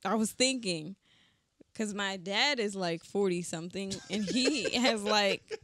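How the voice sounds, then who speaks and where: A woman's voice: medium pitch, unhurried, a bit bright, no echo, clean studio sound. A young woman co-hosting a podcast in casual chat, playful and laughing often. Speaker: podcast co-host.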